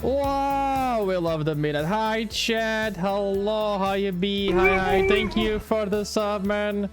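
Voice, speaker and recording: A man livestreams with a high-sitting voice, talking slowly over music. He chats with his viewers in a rambling, excitable, playful manner and swears freely.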